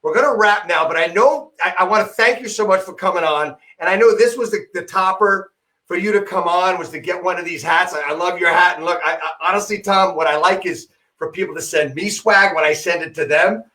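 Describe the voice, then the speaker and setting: A man's voice: sits high, a little fast, bright, forceful tone. A man hosting a podcast over a video call, upbeat and chatty as he wraps up. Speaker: podcast host. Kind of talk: casual chat.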